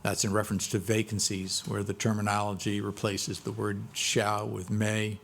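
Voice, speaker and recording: A man's voice: on the low side, completely flat delivery, moderate pace, creaky, a little hiss or hum. A man chairing a county work session, moving through agenda items procedurally. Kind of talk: meeting discussion.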